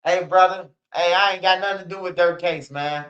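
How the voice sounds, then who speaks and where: A man's voice: high-pitched, steady tone, a little fast, fairly bright tone, highs cut off. A man ranting bluntly in casual street slang, repeating himself and swearing often. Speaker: streamer.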